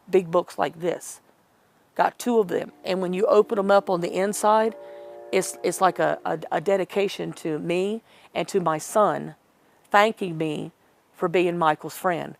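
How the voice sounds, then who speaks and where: A middle-aged woman recounts a personal story in an interview, her voice low and edged with fry. She rambles, restarts and corrects herself as she retells old conversations. The sound is close and dry. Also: no echo.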